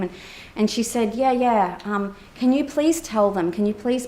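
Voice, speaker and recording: A woman therapist giving a conference keynote, telling a personal story in a lively way, acting out quoted dialogue with many fillers. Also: medium pitch.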